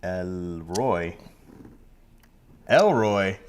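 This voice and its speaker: A man co-hosting a podcast in casual chat, telling animated stories and slipping into playful voices. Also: low voice, drawn-out words. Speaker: podcast co-host.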